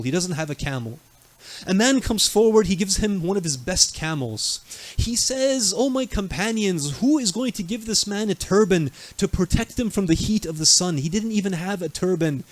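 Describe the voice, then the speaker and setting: A man's voice: sits high, no room sound. A male preacher telling a religious story in a night sermon, dramatic, acting out the people he quotes. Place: mosque.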